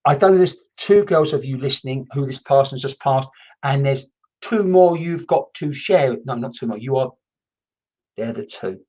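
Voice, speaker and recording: A man's voice: medium pitch, normal speed, a little mellow, dull audio. A man working as a medium in a live-streamed session, who talks in a rambling, chatty way with many restarts and some mild swearing. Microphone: computer mic.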